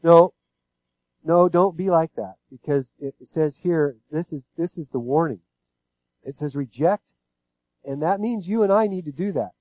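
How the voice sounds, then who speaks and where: A man's voice: a little high, normal speed, a little mellow, no room sound, low-quality recording. A pastor giving a sermon, speaking casually and asking his listeners one rhetorical question after another. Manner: conversational preaching with frequent rhetorical questions.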